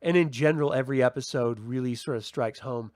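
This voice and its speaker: A man's voice: mid-range voice, fast talker, darkish tone, no echo, clean studio sound. A man hosting a casual solo TV review, chatty and rambling, with fillers and restarts. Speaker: TV review host.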